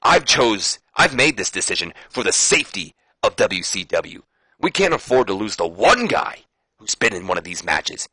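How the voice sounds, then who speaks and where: A man's voice: lowish voice, sing-song, normal speed, bright, forceful tone, breathy edge, dry recording, heavily acted. A man voicing a stern, self-righteous male wrestling team captain with firm, lecturing lines. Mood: dismissive.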